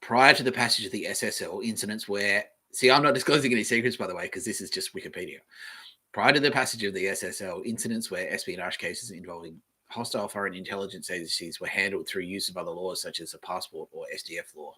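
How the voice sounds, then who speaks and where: A man hosting a casual solo podcast, reading aloud from the web and thinking out loud in a rambling way, with the odd swear. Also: low voice, quick pace, breathy edge. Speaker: podcast host.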